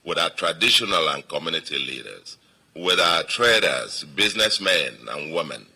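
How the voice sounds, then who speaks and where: A man's voice: low-pitched, lively intonation, normal speed, vocal fry, pushed and bright, breathy edge. A man with a Nigerian accent, a state governor giving an emphatic victory speech to supporters and repeating phrases for weight.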